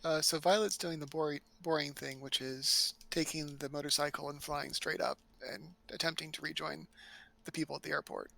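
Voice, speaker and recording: A man with a fairly high, gravelly, bright voice plays a tabletop game and lays out his plans in long explanations. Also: fairly even intonation, normal speed. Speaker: player. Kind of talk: casual tabletop play.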